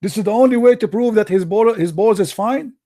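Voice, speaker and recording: Man, live-stream host, mocking and blunt, higher voice, dark tone. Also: fairly quick. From Middle East. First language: Arabic. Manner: combative, mocking, blunt insults. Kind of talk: heated live-stream debate.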